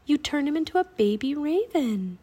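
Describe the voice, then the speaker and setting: Woman reader doing a plucky young girl, high, eager, loud. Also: sing-song, moderate pace. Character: bold, cheerful young girl.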